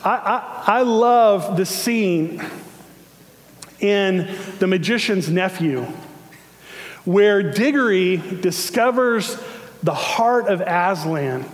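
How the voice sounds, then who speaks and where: A man's voice: sits high, expressive, slow pace, long pauses. A man preaching a sermon in an earnest, conversational way, with some fillers. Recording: long hall reverb.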